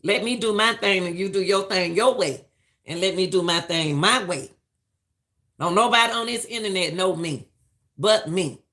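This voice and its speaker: A middle-aged woman, talking in a bright, forceful voice. She gives live-stream commentary in an emphatic, preachy way and hammers her points home by saying them again. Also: medium pitch, normal speed. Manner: emphatic and preachy, repeats lines for stress.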